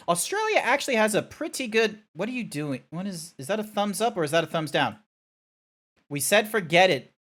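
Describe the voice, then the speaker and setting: Streaming live from Australia, this man wanders off on tangents as he talks casually with viewers, swearing and filling gaps with nonsense noises. His voice sits high and sounds a bit bright.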